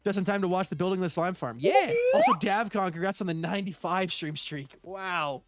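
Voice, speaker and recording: A man's voice: sits high, very animated, a little fast, dry recording, soft background music. A man streaming a building game live, chatting casually and reading out and thanking viewers by name. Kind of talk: live gameplay stream chat.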